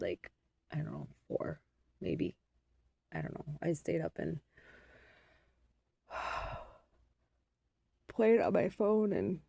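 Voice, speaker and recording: After almost no sleep, a middle-aged mother rambles through a casual vlog in a weary, unguarded way. Her voice is low, gravelly, and mellow, and the recording sounds dry and close.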